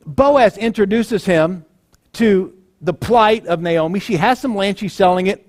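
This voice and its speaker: A man's voice: high-pitched, a little slow. A male pastor giving a sermon in a conversational way, acting out the people in the story.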